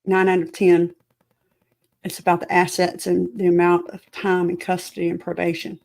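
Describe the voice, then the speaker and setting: A woman's voice: lowish voice, monotone, moderate pace, creaky, a little mellow. A woman hosting a livestream, reacting anxiously and chatting with viewers. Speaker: livestream host. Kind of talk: live reaction commentary. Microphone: home streaming setup.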